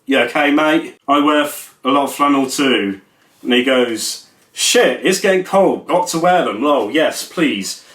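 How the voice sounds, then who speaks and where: A man's voice: fairly high pitch, measured pace, a bit bright. A young man, rambling and joking at his own expense in a casual vlog. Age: young adult. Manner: jokey, rambling, self-mocking. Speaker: YouTuber. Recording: echoey room.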